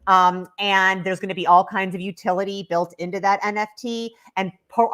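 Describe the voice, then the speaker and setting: A woman's voice: lowish voice, fairly bright tone. A woman speaking as a guest on a livestreamed panel, enthusiastic and promotional, with plenty of ums along the way. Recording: online video call.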